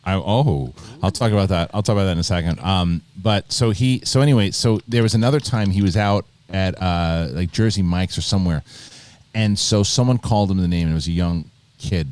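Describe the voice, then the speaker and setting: A man's voice: low-pitched, brisk. A man hosting a live video podcast, telling stories in a casual, rambling way with lots of restarts. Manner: animated storyteller, rambling with many restarts. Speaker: host.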